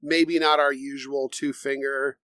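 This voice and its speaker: A man at an ordinary pitch talks through a tasting in a measured, explanatory way. The sound is dry and close, without room echo. He comes across as a relaxed podcast co-host. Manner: measured, explanatory, reads tasting notes aloud. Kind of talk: casual bourbon tasting chat.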